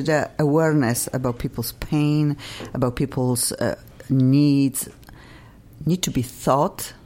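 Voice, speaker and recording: Lively, effusive woman host. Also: sits low. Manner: chatty, laughing, effusive. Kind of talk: casual interview chat.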